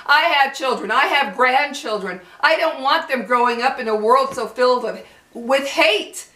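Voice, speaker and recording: A woman's voice: sits high, lively intonation, moderate pace, pushed and bright, echoey room. An older woman with children and grandchildren, ranting angrily to her viewers, cursing and repeating herself for emphasis. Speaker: vlogger. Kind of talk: angry rant to camera.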